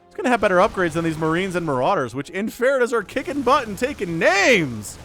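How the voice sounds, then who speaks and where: A man casting a strategy game match solo, giving excitable play-by-play with jokey asides and little voiced quips for the units. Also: high-pitched, fairly quick, soft background music. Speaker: esports shoutcaster.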